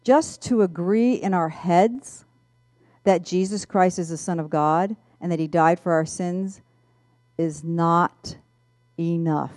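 A woman telling a personal testimony in an animated storytelling manner, acting out the voices. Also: lowish voice, measured pace, dry recording, clean studio sound. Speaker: speaker giving a testimony.

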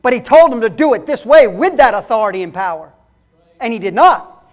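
A man's voice: very high-pitched, animated, a little fast. An emphatic male preacher delivering a sermon to his congregation. He hammers his points home in short phrases and calls out to the listeners as folks.

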